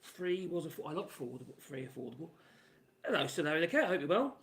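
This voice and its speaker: A man's voice: fairly high pitch, very animated, quick pace, fairly bright tone. A man in his sixties rambling casually on a live stream and reading out chat messages while building a model. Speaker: livestream host.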